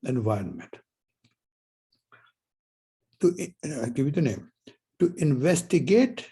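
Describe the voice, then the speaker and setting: This classroom lecture comes from a man in his seventies who wanders through a personal story, posing one rhetorical question after another. His voice sits a little high, warm with a breathy edge, and the audio quality is poor.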